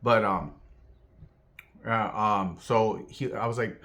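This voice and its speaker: Speaking slowly in a lowish voice, this Southern Californian vlogger tells a wandering story from his own life. It's animated and thick with fillers, and he imitates the voices of the people involved.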